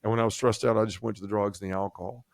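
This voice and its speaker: Male guest, low voice, dry close sound, earnest halting testimony. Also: steady tone, vocal fry, no echo. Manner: earnest, halting, with many restarts. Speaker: guest sharing his testimony. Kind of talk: personal faith testimony.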